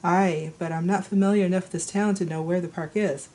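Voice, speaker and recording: A hoarse woman voicing a gruff, reluctant young male werecat with an attempted Scottish accent in a story she reads aloud. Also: on the low side, fairly even intonation, fairly quick, warm tone, lightly acted. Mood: grudging.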